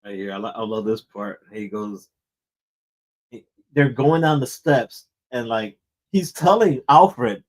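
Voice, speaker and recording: Give me a slow-talking man rambling casually about a comic book as show host. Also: mid-range voice, lively intonation, poor audio. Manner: rambling, repeats words and restarts, says "man" often.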